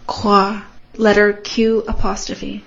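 A woman's voice: mid-range voice, monotone, slow pace, a bit bright, slight background noise. A woman helping lead a pronunciation lesson, calling out letters and plainly repeating each sound. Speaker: co-teacher. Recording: dull recording.

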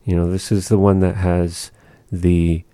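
A man's voice: low-pitched, level tone, measured pace, warm tone, no echo, studio quality. A man giving a patient one-on-one language lesson, carefully modeling and repeating pronunciations. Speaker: language teacher.

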